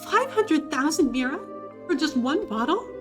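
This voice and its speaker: A woman's voice: sits high, sing-song, moderate pace, pitched above the performer's own voice. Woman voicing a blunt, spirited young girl adventurer. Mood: incredulous. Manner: incredulous, blunt. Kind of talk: reading game dialogue aloud. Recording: game music behind.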